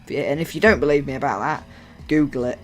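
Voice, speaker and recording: This YouTuber's voice is on the high side and he talks at a quick pace, riffing casually over a train simulator. Faint game noise accompanies his rambling, jokey, self-mocking commentary.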